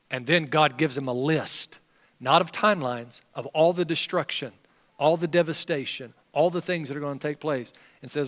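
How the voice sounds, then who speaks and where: A man's voice: fairly high pitch, moderate pace, fairly bright tone, in a large hall. An older man, a pastor preaching a sermon and acting out the voices in the story. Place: church sanctuary.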